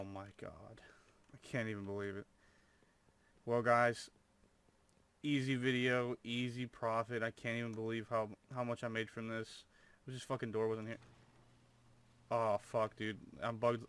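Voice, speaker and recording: A man's voice: lowish voice, vocal fry, a bit bright, smooth. A young man commentating his own gameplay, full of over-the-top amazement and swearing. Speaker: gamer.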